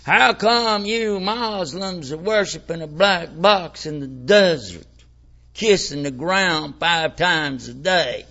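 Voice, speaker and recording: A man playing a skeptical questioner who asks slow, mocking questions. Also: fairly high pitch, bright, forceful tone, muffled recording, exaggerated voice. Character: skeptical questioner challenging a believer.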